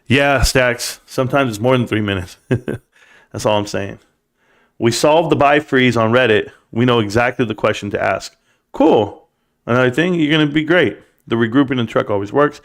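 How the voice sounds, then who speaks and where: Guy on a live stream lecturing chat about hard work, preachy and worked up. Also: lowish voice. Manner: animated, preachy pep talk, reads chat aloud. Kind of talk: casual live stream monologue.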